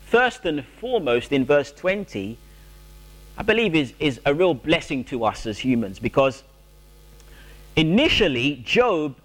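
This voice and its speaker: A man preaching a sermon, drawing out his phrases, rising to emphatic peaks and falling to a soft hush on solemn words. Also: on the high side. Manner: slow, drawn-out preaching with swelling emphasis.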